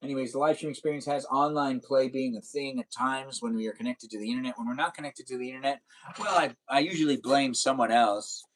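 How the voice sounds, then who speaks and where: A man's voice: medium pitch, fast. A young man live-streaming a racing game, chatting casually and playfully with viewers and slipping into silly sing-song noises.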